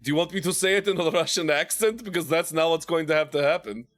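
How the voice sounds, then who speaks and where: A man's voice: on the high side, fast, fairly bright tone, faint music behind. A man hosting his own game stream, tired after days of streaming, joking and self-mocking as he greets viewers. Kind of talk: casual banter while streaming a game.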